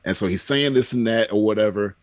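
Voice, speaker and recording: A man's voice: lowish voice, quick pace, no room sound. A man chatting on a podcast, telling rambling personal stories with frequent fillers. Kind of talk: casual podcast chat.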